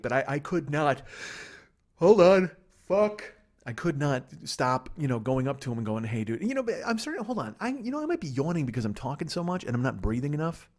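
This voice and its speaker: Fast-talking rambling middle-aged man. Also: mid-range voice. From Chicago. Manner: rambling, profane, self-mocking, rushes without pausing. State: stifling yawns. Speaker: podcast host. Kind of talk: solo casual monologue. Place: living room. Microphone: laptop and microphone.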